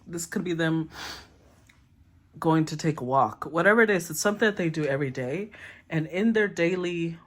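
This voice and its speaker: A woman giving a casual tarot reading, thinking aloud, often clearing her throat and murmuring as she names the cards. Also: fairly low pitch, animated, normal speed. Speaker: tarot reader.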